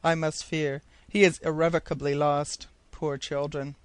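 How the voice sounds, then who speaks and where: A man's voice: fairly high pitch, level tone, unhurried, clean tone, no room sound, natural voice. A man voicing a commanding nobleman who speaks firmly and earnestly. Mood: regretful. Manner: firm, earnest.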